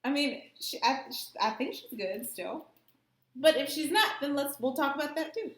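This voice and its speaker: A woman's voice: high voice, lively intonation, moderate pace, a bit bright. A woman co-hosting a casual wine review, joking and rambling through her explanations. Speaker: co-host. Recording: echoey room.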